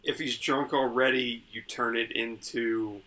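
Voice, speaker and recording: A man's voice: medium pitch, fairly even intonation, a little slow, sharp tone. A man co-hosting a casual comedy podcast, giggly and playful, rambling through bits. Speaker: podcast co-host.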